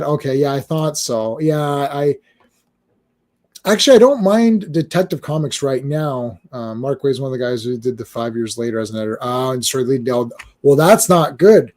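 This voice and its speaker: A man's voice: mid-range voice, normal speed, darkish tone. A man hosting a comics podcast in casual chat, rambling along while he reads, often stammering and repeating words as he thinks aloud.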